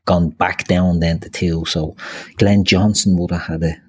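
A man's voice: sits low, level tone, a little slow, slightly rough. A man taking part in a football quiz, thinking aloud and swearing casually. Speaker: quiz contestant. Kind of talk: casual podcast banter.

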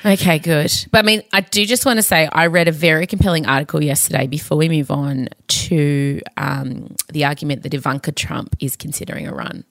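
A woman's voice: low voice, fairly even intonation, brisk, gravelly, few pauses, fairly bright tone, no echo. A woman co-hosting a podcast, telling news stories in a chatty, giggly way. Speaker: podcast co-host. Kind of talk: casual chat.

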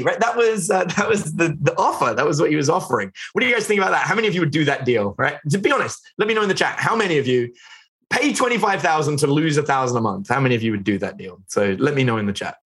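A man's voice: medium pitch, a bit bright. A middle-aged man teaching business in a live webinar, chatty, filling his talk with "like" and "right?" and putting questions to his viewers. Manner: chatty, asks the chat questions, lots of "like" and "right?". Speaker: online business instructor.

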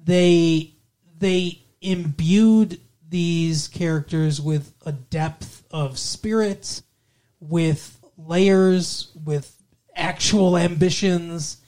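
Drawing out his words, a male co-host with a slightly high, somewhat mellow voice chats about a movie on a podcast, rambling with casual profanity.

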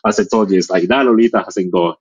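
Deep husky man speaking expressively. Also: fast talker, dull audio. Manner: expressive, with many filler "it's like" phrases. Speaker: guest photographer. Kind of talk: casual conversation on a live audio chat. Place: lives in England.

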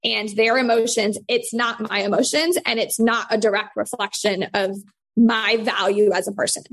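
A woman's voice: on the high side, steady tone, moderate pace, fairly bright tone. A woman in her thirties, a parenting coach, chatting casually and filling her speech with "like". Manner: chatty, many fillers like "like". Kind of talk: casual chat.

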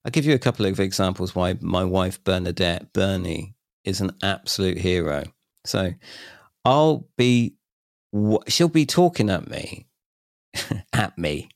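A man in his forties, a podcast guest, chatting and telling animated stories, laughing often and acting out quoted voices. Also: low-pitched, a little slow, creaky, no room sound, studio quality. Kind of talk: casual storytelling chat.

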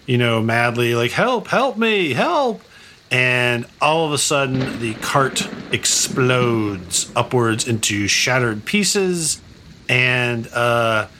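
A man's voice: medium pitch, bright, forceful tone, a little hiss or hum. A man narrating a tabletop game as game master, rambling through scenes with many fillers and restarts.

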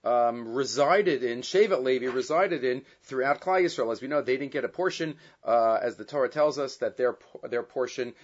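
A man teaching a Torah lesson, reading Hebrew and Aramaic texts and translating them, with many fillers and lively stretches when he retells a story. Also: mid-range voice, moderate pace, hardly any pauses. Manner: grows loud and animated when retelling the story. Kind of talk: Torah class lecture. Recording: dull lo-fi sound.

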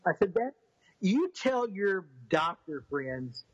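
A fairly high, husky male voice tells a story in a casual, rambling way, often restarting his sentences. When he quotes others he gets animated. The sound is dry and a little dull, as if recorded on a lo-fi setup. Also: slow pace, no room sound. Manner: rambling, with frequent restarts and fillers. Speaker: interview guest.

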